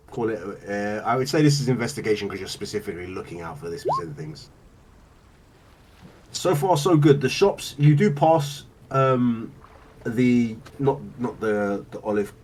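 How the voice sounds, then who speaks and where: A man's voice: fairly low pitch, lively intonation, normal speed, darkish tone, recorded from a distance, a little hiss or hum, rough recording. A man narrating as game master, rambling with lots of fillers and laughing as he describes scenes.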